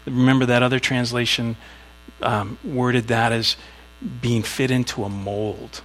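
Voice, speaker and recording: Preaching at a moderate pace with a level, fairly bright, mid-range voice, this pastor has a gravelly, creaky edge to his delivery. His sermon is conversational, with little acted asides as he tells a story, captured on a low-quality recording with a faint electrical hum behind it.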